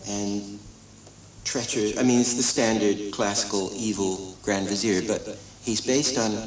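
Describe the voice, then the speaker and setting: Older man telling animation studio stories. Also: lowish voice. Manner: animated storytelling, acts out quotes, many restarts. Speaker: animator and director. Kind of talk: documentary interview reminiscence. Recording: echoey room, distant mic, crowd noise.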